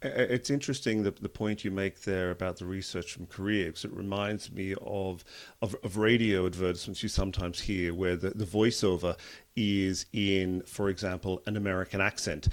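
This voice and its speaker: Low-voiced man interviewing. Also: steady tone, normal speed. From Ireland. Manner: thoughtful, repeats words while forming questions. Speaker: interviewer host. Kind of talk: interview questions.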